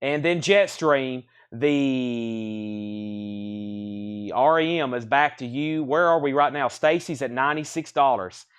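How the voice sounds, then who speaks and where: A man hosting a live record sale, rattling off titles and prices in brisk auctioneer patter, a bit out of breath. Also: medium pitch, clean tone.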